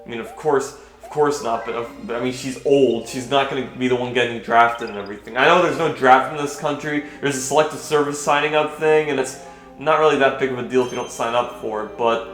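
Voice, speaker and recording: A man's voice: mid-range voice, a little fast, fairly bright tone. A young man vlogging while playing a game, rambling and hesitant with many restarts, and swearing when he gets irritated. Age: young adult. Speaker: gaming vlogger. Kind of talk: rambling commentary over gameplay. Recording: roomy echo with faint game music.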